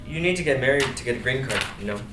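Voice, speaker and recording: A man voicing an awkward veterinarian with a dry, deadpan humor in a screenplay table read. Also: medium pitch, rapid-fire, faint music behind. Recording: echoey room, distant, faint noise.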